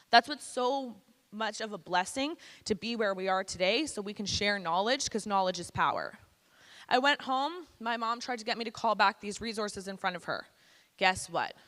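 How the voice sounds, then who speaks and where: A woman's voice: medium pitch, fairly bright tone. Candid woman speaker in an echoey hall. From Canada. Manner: candid, blunt and casual. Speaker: guest speaker. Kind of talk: personal testimony to students. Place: school presentation hall.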